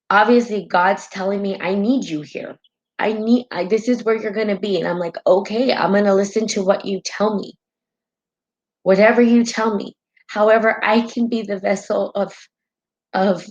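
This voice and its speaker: A woman's voice: mid-range voice, fairly even intonation, measured pace, darkish tone, muffled recording. A woman hosting a spiritual live stream in casual talk, heartfelt and rambling, often tagging her sentences with "right?", and tearful at times.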